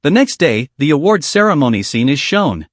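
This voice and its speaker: A man reads out a story recap as scripted narration, in a brisk plot-summary manner. His voice sits slightly high and moves up and down lively. The recording is close and dry. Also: dry recording.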